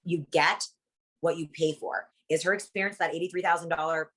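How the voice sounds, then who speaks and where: In a casual interview, the guest, a young Guatemalan plastic surgery practice worker, swears a lot and talks rapid-fire, bluntly and emphatically. Her voice sits low with a steady tone.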